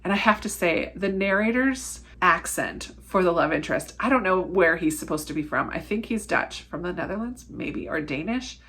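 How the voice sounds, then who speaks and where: A woman's voice: fairly low pitch, animated, moderate pace, few pauses, a bit bright, breathy edge. A woman talking casually about books she has read, candid and chatty, laughing often and trailing off mid-thought. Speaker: book reviewer. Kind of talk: casual book review vlog.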